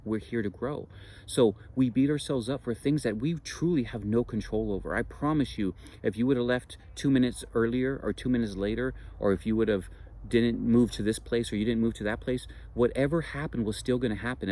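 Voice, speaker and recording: A man's voice: lowish voice, a little mellow. A man speaking earnestly and reassuringly in a spiritual monologue, repeating phrases for emphasis. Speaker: spiritual teacher.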